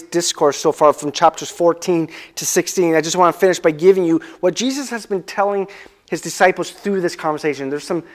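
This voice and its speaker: A male pastor giving a conversational sermon, asking the listeners questions and slowing down to stress key words. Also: high voice.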